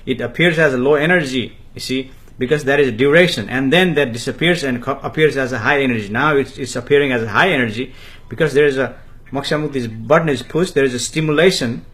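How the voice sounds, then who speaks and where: Man, spiritual teacher, live talk, third-person speech, halting, fillers. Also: medium pitch, fairly bright tone. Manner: refers to himself in the third person, slow and halting with many fillers. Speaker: spiritual teacher answering viewer comments.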